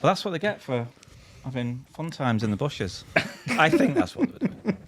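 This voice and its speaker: A man with a husky voice, a podcast guest telling funny stories in a lively, laughing way, acting out what other people said. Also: on the high side, moderate pace, slight background noise. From England. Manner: animated, laughing anecdotes with acted-out quotes. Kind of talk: storytelling chat.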